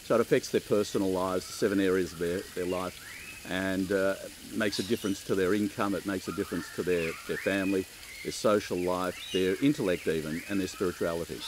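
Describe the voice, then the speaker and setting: A middle-aged man with an Australian accent, giving chatty, relaxed interview answers and laughing easily. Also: low-pitched, fairly quick, noisy background. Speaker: keynote speaker.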